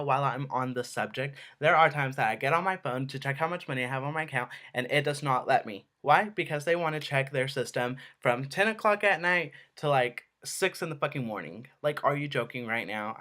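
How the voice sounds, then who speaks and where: A man's voice: medium pitch, a little fast, few pauses, pushed and bright. Exasperated ranting young man. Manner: exasperated, swearing, lots of "like". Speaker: vlogger. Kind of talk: angry ranting vlog.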